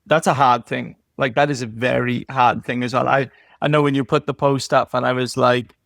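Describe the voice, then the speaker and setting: An Australian business owner talks candidly as a podcast guest, with a gravelly edge to his voice. He swears heavily and quotes others as he vents, at a middle pitch, recorded close and dry. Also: level tone, normal speed, fairly bright tone, dry recording. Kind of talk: casual podcast chat.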